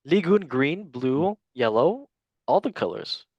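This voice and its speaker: A playful man runs a casual quiz among friends, joking as he fumbles foreign names. His voice bounces up and down in pitch. The sound is dry and close to the mic. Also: sing-song, measured pace, darkish tone, no echo, muffled recording. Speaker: quiz master. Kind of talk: casual podcast quiz hosting.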